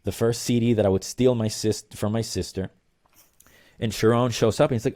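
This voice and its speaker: Guy with a lowish voice rambling through a story in an interview, lots of ums and blah blah. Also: brisk. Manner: animated, rambling, lots of fillers. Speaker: guest musician.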